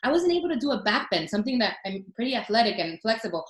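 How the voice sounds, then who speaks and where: A woman's voice: on the high side, racing, reverberant, poor audio. A woman in her forties, a guest telling personal stories in casual chat and acting out quotes. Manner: animated storytelling, acts out quotes.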